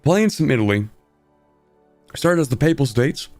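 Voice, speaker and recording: A man's voice: mid-range voice, big pitch swings, moderate pace, a little mellow, no echo, faint music behind. A young man streaming a strategy game, talking casually in a sleepy, rambling way while he explains his moves. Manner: sleepy, rambling, self-deprecating.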